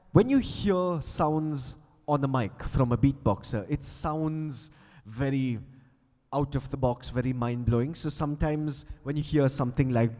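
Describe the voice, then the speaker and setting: A man's voice: medium pitch, dark tone. Playful man coaching a crowd in a hall. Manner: playful, coaxing the crowd to join in. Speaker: beatboxer teaching the audience. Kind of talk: live stage workshop. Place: large conference hall. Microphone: handheld stage mic. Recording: long hall reverb.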